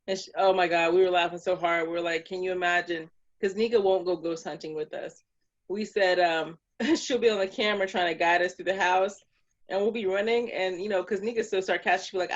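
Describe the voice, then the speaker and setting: A woman's voice: lowish voice, fairly quick, lo-fi sound. A woman co-hosting a casual chat, telling stories with lots of laughter. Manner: laughing, lively storyteller. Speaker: co-host.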